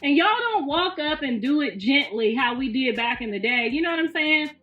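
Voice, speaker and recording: Speaking fairly fast in a high, animated voice, this fifties-aged woman runs a relaxed home livestream full of blunt talk, profanity and laughter. Faint music plays in a roomy, distant, somewhat muffled recording.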